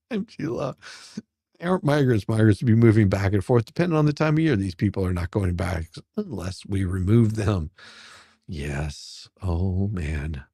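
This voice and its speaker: A man hosts casual news commentary, mocking as he goes and laughing often. His voice is lowish but moves around a lot. The sound is close and dry. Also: expressive, moderate pace, warm tone, slightly rough, no room sound. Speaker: host.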